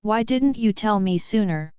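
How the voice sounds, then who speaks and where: A man's voice: high voice, expressive, measured pace, darkish tone, clean tone, no echo, highs cut off. A woman voicing a hot-tempered, loyal young male werewolf, in an urgent, protective way, in an audiobook.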